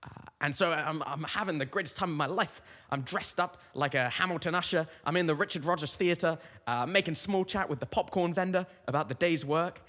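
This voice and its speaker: A man's voice: a little high, a little fast, a bit bright, big-room sound. A young adult man hosting a comic podcast monologue, telling rambling stories full of tangents. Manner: rambling, tangent-prone storytelling. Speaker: comedian host.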